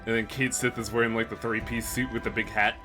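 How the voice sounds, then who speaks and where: A man's voice: on the low side, flat delivery, fast. A man streaming a video game, chatting casually and joking, with a lot of swearing. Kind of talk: casual gameplay commentary. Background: game music.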